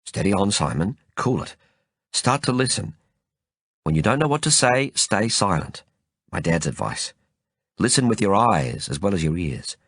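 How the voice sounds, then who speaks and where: A man reading the lines of a composed, resolute young woman, in a calm, firm and guarded manner. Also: deep voice, normal speed, breathy edge, no echo, studio quality, exaggerated voice.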